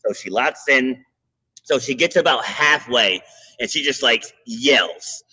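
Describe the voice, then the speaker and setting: A man hosting a podcast who tells a coaching story in a lively, casual way, chuckling now and then. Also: medium pitch, a little slow, slightly rough, rough recording. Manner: animated anecdote with chuckles.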